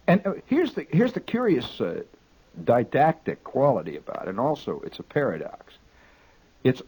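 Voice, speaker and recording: Husky New man spinning a yarn. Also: medium pitch, rough recording. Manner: halting, full of restarts and repeats; animated, exaggerating storyteller. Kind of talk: rambling comic anecdote.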